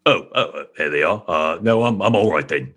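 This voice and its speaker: A man voicing a terse, stiff young man with a bandaged face, speaking in a halting way. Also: low voice, expressive, a bit bright, pitched below the performer's own voice. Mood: flustered.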